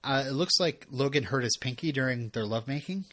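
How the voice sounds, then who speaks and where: A man's voice: medium pitch, expressive, fairly quick, a bit bright. A man in his thirties co-hosting a podcast, recapping episodes in a rambling, self-interrupting way with frequent chuckles. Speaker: podcast co-host. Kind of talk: casual recap chat.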